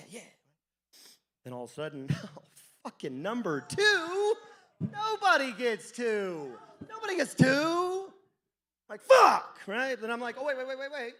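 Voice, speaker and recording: A young man doing a stand-up comedy set on a club stage, telling crude, rambling stories with lots of swearing and laughing at his own jokes. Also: fairly high pitch. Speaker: stand-up comic.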